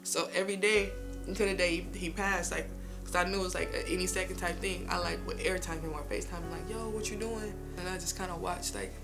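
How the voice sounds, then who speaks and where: A woman's voice: fairly low pitch, level tone, fast, music in the background. A young woman from East Oakland, a rapper, telling personal stories loosely, full of fillers, acting out quotes. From East Oakland, California. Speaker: rapper interviewed in a documentary. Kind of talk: casual personal storytelling.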